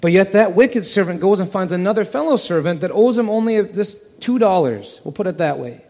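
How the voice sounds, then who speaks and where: A man preaching an expository sermon in a lively, storytelling manner, acting out the voices of the figures in the parable. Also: high voice, a little fast. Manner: animated, acts out the parable's voices. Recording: long hall reverb.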